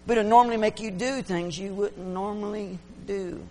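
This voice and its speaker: A man preaching a fervent sermon, swinging between loud exclamations and hushed asides. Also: high voice, fairly even intonation, normal speed, slight background noise.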